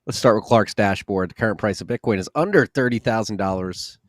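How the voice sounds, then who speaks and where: A man's voice: fairly low pitch, brisk, dry recording, clean studio sound. A man hosting a podcast in casual, jokey chat, a little tired after a workout. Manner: laid-back, jokey. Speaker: podcast host.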